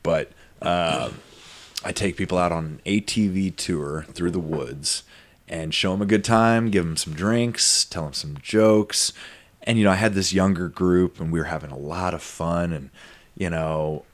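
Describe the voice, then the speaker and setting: A man's voice: low-pitched, a little slow. A man hosting a podcast, telling a long story in a rambling, casual way full of fillers and asides. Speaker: podcast host. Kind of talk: casual conversation.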